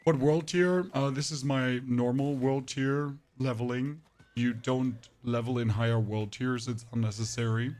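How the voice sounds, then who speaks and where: A man chatting loosely through a live gameplay stream, his voice roughened by a touch of hoarseness. He drifts from point to point, tossing jokes and asides to his viewers at a mid-range pitch. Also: level tone, unhurried, darkish tone. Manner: rambling, joking asides to chat. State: a bit hoarse. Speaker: game streamer.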